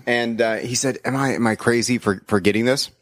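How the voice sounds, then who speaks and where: A middle-aged man co-hosting a casual podcast over a remote call, rambling and swearing with halting restarts. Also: medium pitch, no room sound, studio quality. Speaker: podcast co-host.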